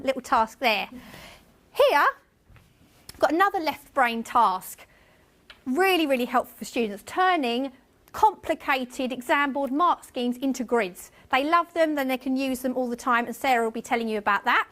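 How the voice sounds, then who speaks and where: A woman's voice: high voice, animated, moderate pace, fairly bright tone. A woman teacher presenting a workshop to a room of colleagues, chatty and self-mocking. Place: conference room with tables.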